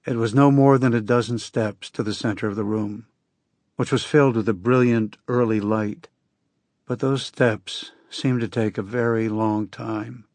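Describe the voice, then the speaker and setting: A man narrating a novel in the first person with a slow, somber, measured reading. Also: medium pitch, steady tone, a little mellow, dry recording. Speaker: audiobook narrator.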